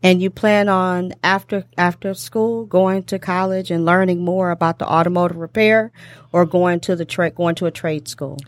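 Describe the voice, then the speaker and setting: A woman's voice: on the low side, steady tone, moderate pace, no room sound, studio quality. A woman hosting a casual talk show, chatty and encouraging, laughing often as she brings in her guests. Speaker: host.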